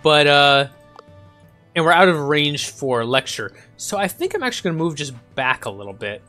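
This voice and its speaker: A fairly high-voiced man talks through his gameplay in a relaxed, rambling way. His pitch moves around animatedly as he thinks aloud, with faint game music underneath. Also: moderate pace. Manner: thinks aloud, chuckling, many ums and uhs. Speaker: gaming channel host. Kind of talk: casual let's-play commentary.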